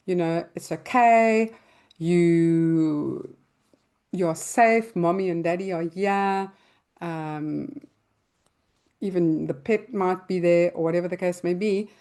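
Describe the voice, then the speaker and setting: Older woman explaining calmly. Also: on the low side. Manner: calm, explaining with everyday examples; loosely spoken, with restarts and fillers. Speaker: parenting advice host. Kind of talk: answering listener questions.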